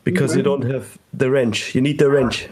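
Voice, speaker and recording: A man's voice: medium pitch, steady tone, moderate pace, over a noisy crowd. A man with a German accent in a casual group chat, laid-back with dry humor. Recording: noisy online call audio.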